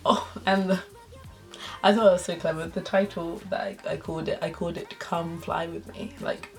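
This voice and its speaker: A woman's voice: on the low side, steady tone, moderate pace, vocal fry, faint music behind. A young adult woman vlogger reads her old fan fiction aloud, laughing and adding embarrassed, self-mocking asides.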